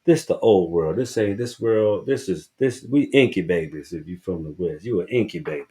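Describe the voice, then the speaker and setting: A man's voice: low-pitched, expressive, normal speed, mellow, rough recording. A man with a Southern US accent hosting a podcast, giving a casual book review in a rambling, emphatic way and swearing freely. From Southern United States. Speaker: podcast host.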